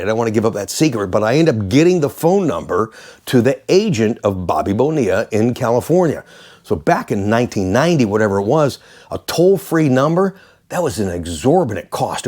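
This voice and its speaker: A man, a former radio DJ, casually telling stories to the camera, animated and quick to laugh. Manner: animated, mimics callers in high voices, laughs often.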